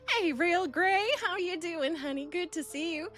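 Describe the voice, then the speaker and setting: A woman's voice: extremely high pitch, normal speed, a bit bright. A woman live-streaming, bubbly and affectionate, greeting her chat by name with pet names and sometimes talking while eating. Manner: chews food while talking. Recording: faint music behind.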